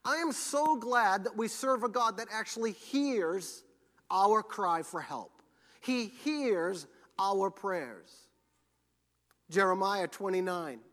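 A man preaching a sermon as pastor, earnest and slowing down to press scripture home. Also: high voice, animated, fairly bright tone. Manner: earnest, slows for scripture and emphasis. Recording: long hall reverb.

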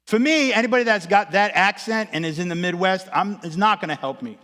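Male pastor, lively comic storyteller with a slightly high voice, recorded in a reverberant church hall. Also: brisk. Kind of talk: sermon with personal storytelling. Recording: echoey hall.

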